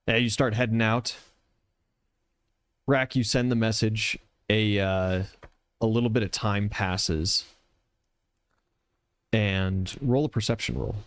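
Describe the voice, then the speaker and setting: A man narrating as game master in a relaxed, descriptive way. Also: on the low side, slow, long pauses, clear, resonant tone, dry recording.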